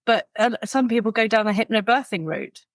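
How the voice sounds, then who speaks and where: A woman's voice: fairly high pitch, a little fast, dry recording. A woman, a podcast guest who tells stories vividly and acts out the people in them. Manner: animated storyteller who acts out quoted people. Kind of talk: podcast conversation.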